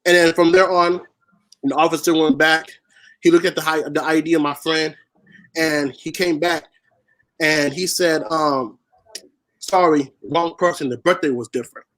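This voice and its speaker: A man's voice: on the high side, level tone, a little slow, a bit bright, low-quality recording. A man from Haiti raised in Washington State, a spoken word poet telling a personal story as an interview guest, earnest and repeating phrases for emphasis. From born in Haiti, raised in Washington State.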